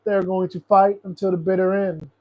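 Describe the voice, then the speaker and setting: A man's voice: sits high, little pitch movement, moderate pace, dull audio. A young man hosting a casual political livestream, ranting in a profane, frustrated, rambling way. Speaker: host.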